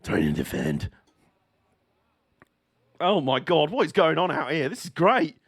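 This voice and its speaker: A man with a high, light voice calls a motor race live for his stream, bursting into laughter and swearing freely. He sounds excitable and quick to react. The sound is dry and close, with no room around it. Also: slightly rough, no echo. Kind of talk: live watch-along race commentary.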